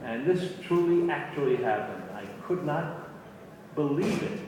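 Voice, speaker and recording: An older man tells a story to a convention crowd, animated and given to repeating himself. His voice sits at an ordinary male pitch. It reaches the mic from a distance and rings through a large, reverberant hall with faint noise underneath. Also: a little slow. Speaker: guest actor at fan convention. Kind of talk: storytelling Q&A anecdote. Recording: echoey hall from far off.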